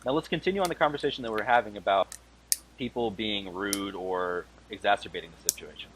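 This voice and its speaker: Fast-talking combative man on noisy voice chat. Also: fairly low pitch, a bit bright. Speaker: guild raid leader in a dispute. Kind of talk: heated voice-chat argument.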